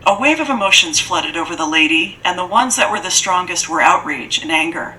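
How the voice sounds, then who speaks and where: A woman reading a dark fantasy story aloud as an audiobook narrator, with steady, measured, dramatic storytelling. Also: lowish voice, slight background noise, poor audio.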